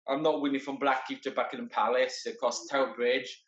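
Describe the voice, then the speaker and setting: A man's voice: medium pitch, fairly even intonation, brisk, fairly bright tone. A man speaking earnestly in a casual conversation, often stopping and repeating his words. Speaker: guest, wheelchair marathon entrant. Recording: roomy, dull lo-fi sound.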